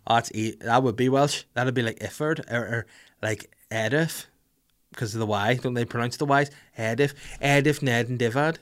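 A man's voice: mid-range voice, normal speed. A middle-aged man chatting casually and playfully, laughing often and swearing as he answers viewer comments. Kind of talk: casual live chat.

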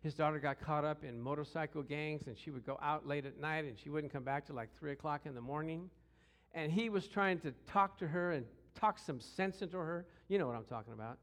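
Animated storytelling male preacher. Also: a little high, fairly quick. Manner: animated, acts out quotes with shouts and growls. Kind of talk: storytelling sermon.

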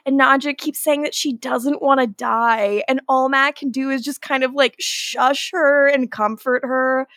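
A woman with a slightly high voice hosts a casual recap podcast. She retells scenes in a lively way, dipping into the characters' lines and laughing often. The sound is close and dry. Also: measured pace, hardly any pauses, no echo. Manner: animated storytelling, acting out quotes, laughs often. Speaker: podcast host.

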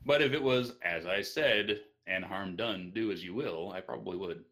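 A man answering interview questions casually, hesitant with frequent pauses and restarts. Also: low-pitched, fairly bright tone. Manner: hesitant, many ums and restarts. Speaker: interview guest.

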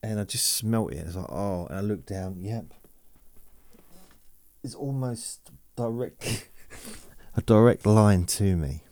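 A man hosts a sleep podcast in a deep voice, drifting from thought to thought and teasing himself. His tone is soft and mellow, and the sound is dry and close. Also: takes it slowly, pauses often, dry recording. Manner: meandering, self-mocking, reads listener messages aloud. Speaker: podcast host. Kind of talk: rambling sleep podcast chat.

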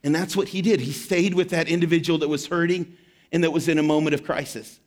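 A man pastor telling a story in a sermon, dropping to a hushed tone for emphasis. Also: fairly high pitch, steady tone, fast.

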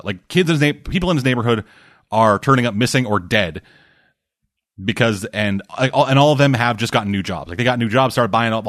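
A man rambles casually about movies and shows, swearing, restarting often and loudly acting out quotes. His voice sits in the mid range, captured with a dry, clean studio sound.

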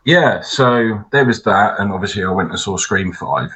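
Guy on a podcast, low-ish voice with a bright edge, swears a lot while telling stories. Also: moderate pace, low-quality recording. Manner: sweary, animated storyteller. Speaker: podcast co-host. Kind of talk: casual chat.

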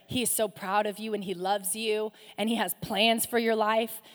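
A woman pastor preaching a sermon, passionate, swinging from loud rises to soft, hushed drops. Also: mid-range voice, flat delivery, normal speed. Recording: long hall reverb.

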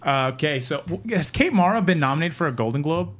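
A man joining a casual group chat with a slightly high voice. He teases the others and cuts in with quick remarks. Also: expressive.

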